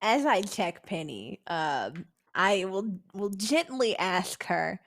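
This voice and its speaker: A woman playing a tabletop horror game, speaking in character in a soft, hesitant, motherly way. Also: medium pitch, sing-song, takes it slowly. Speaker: player. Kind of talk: tabletop role-play, in character.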